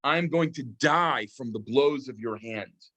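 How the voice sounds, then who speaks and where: A man's voice: medium pitch, unhurried, pushed and bright. A man leading a text study class. He reads Hebrew verses aloud, translates them and reflects on them thoughtfully, with many ums. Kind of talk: online text study lecture.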